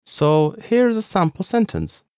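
A man's voice: sits high, huge pitch swings, unhurried, darkish tone, clean tone, no room sound, studio quality. A man co-hosting a scripted language lesson, upbeat and encouraging toward listeners.

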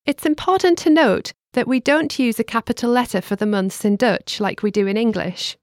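A woman co-hosting a scripted language lesson, with a clear teacherly delivery that slows down to spell words out. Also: fairly high pitch, darkish tone, dry recording, studio quality.

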